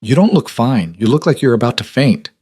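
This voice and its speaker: A man's voice: medium pitch, very animated, brisk, husky. A man reading a stern, disapproving aristocratic mother who speaks sharply under her breath in an audiobook. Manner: sharp, hushed and commanding.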